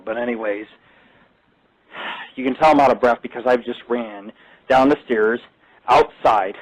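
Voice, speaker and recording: A man hosting an internet radio show, telling a crude, boastful story in loud, profane casual talk from a home studio. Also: mid-range voice, a little slow, pauses often, low-quality recording.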